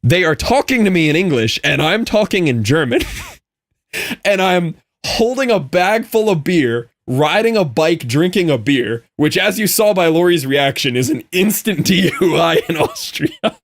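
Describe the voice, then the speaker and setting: A young man streaming a game and chatting casually, telling an animated story with frequent laughs and quick asides. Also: a little high, dry recording, studio quality. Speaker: Minecraft streamer. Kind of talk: casual live-stream chat with viewers.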